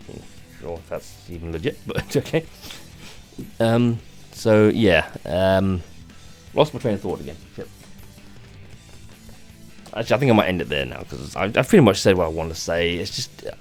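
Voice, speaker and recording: A tired man rants off the cuff in a lowish voice, circling back on himself with stammered restarts and frequent swearing. His talk wanders like an unplanned gaming vlog, with faint music in the background. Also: a little mellow. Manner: rambling and halting, many restarts, swearing. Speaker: gaming channel host. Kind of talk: unscripted rant vlog.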